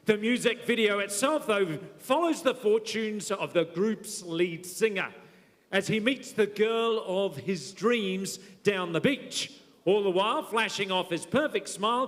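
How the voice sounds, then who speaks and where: A man working as master of ceremonies at a school concert, announcing acts in a playful, teasing way and calling out loudly to the crowd. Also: high voice, expressive, measured pace. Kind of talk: jokey stage announcing. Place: school hall on stage. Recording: echoey hall over a PA.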